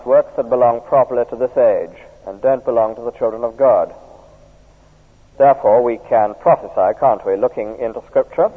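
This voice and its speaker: A middle-aged preacher giving a sermon, often drawing listeners in with tag questions like "isn't it". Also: male voice, mid-range voice, slightly rough. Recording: tinny archive recording in a reverberant church.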